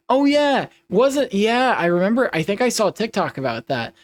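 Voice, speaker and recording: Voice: mid-range voice, very animated, moderate pace, few pauses. Giggly, playful young streamer. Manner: giggly, playful, rambling with many restarts. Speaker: live streamer. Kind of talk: casual live-stream chat while playing.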